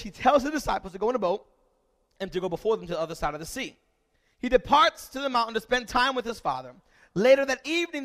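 A male pastor delivering a sermon in a notably high, bright voice. He tells a relaxed story at first, then builds to loud, repeated calls to the congregation.

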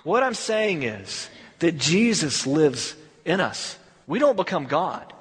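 A man preaching a sermon as pastor, conversational and animated, with acted asides. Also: a little high, slow pace, slightly rough. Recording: long hall reverb.

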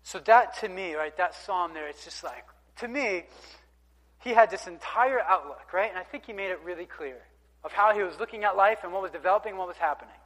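A man preaching a sermon, talking through scripture in a relaxed, conversational style with emphatic bursts. His voice sits a little high for a man. It rings out with a long reverb, as in a large hall. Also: fairly quick. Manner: conversational, emphatic, reads scripture aloud with asides.

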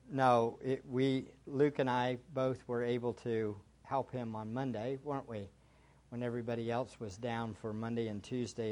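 A pastor, chatting wryly with his congregation before moving into an earnest sermon. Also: medium pitch. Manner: chatty and wry, then earnest preaching.

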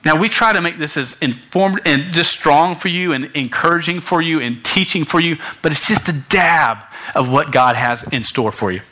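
Bright-voiced young man preaching to youth. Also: fairly high pitch, moderate pace, rough recording. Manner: animated, many restarts and stammers, jokey asides. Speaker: youth pastor. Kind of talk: sermon. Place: church.

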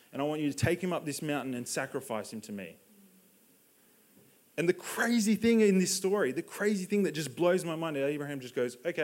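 A young man giving a sermon, telling Bible stories in a conversational way and acting out the characters' lines. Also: medium pitch. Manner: conversational storytelling, acts out Bible dialogue. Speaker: preacher.

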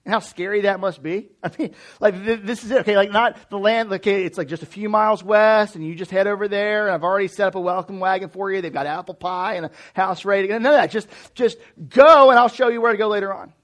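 Chatty, high-voiced male pastor. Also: quick pace, hardly any pauses. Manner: conversational and animated, with many restarts and asides. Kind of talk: sermon.

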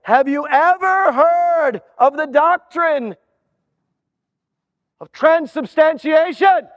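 A man voicing a brusque male gatekeeper at heaven's gates who loudly interrogates a newcomer. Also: very high-pitched, slow, in a large hall, lo-fi sound, voice pushed up. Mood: interrogating. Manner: loud, incredulous, interrogating.

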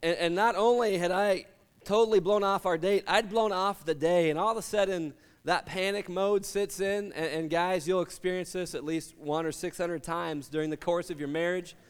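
A man's voice: high-pitched, fairly even intonation, moderate pace, clear, resonant tone, big-room sound. A middle-aged man preaching a sermon, telling personal stories with humor and acting out the voices of the people in them. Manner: storytelling with humor, acts out quoted voices. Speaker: pastor.

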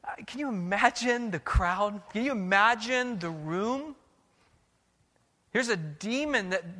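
A man's voice: sits high, expressive, unhurried, pushed and bright, long reverb tail. A man preaching a sermon as pastor, earnest and questioning, often restarting his words.

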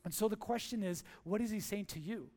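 High-voiced playful man preaching. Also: brisk, darkish tone. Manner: playful, jokey, with call-and-response questions. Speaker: pastor. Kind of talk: sermon. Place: church.

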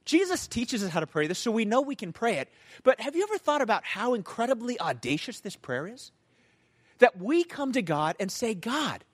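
A man preaching as a pastor, telling a personal story in a lively sermon and asking his listeners "right?". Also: high voice, moderate pace, no echo. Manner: storytelling, animated, asks the audience "right?".

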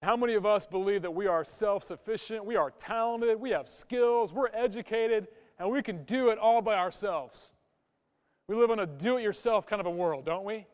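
A man's voice: high voice, normal speed, in a large hall. A man preaching a sermon to his church, emphatic and full of rhetorical questions aimed at the congregation. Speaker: pastor. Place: church sanctuary.

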